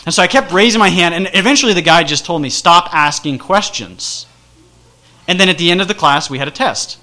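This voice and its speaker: Bright-voiced man telling a rambling story. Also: high-pitched, rapid-fire. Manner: rambling, self-deprecating, animated. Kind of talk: casual personal storytelling.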